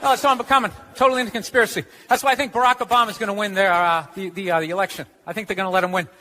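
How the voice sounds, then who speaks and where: A man doing a stand-up comedy routine on stage, ranting sarcastically and shouting his punchlines. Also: high voice, steady tone, rapid-fire. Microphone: handheld stage mic. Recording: live stage with loud crowd laughter and noise. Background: audience laughing.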